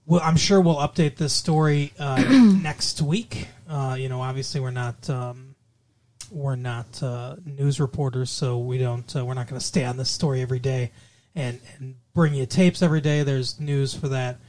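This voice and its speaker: A man co-hosting a casual podcast, talking in halting, stop-start phrases full of fillers, with a dry, sarcastic sense of humor. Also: mid-range voice, fairly even intonation, a little mellow. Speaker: podcast co-host.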